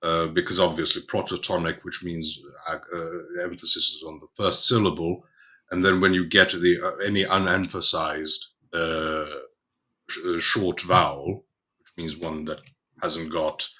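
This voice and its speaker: Deep-voiced man, bright edge, hesitant, halting, casual podcast chat. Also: flat delivery. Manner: hesitant, many restarts, explains at length. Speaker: podcast co-host.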